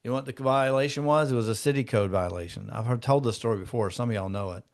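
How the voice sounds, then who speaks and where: A man with a voice of ordinary pitch leads a training session for real estate agents. He teaches through anecdotes and talks casually with the group, as if they were colleagues. When he tells a story he acts out what each person said. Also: fast. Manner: conversational, acts out client dialogue in shifting tones.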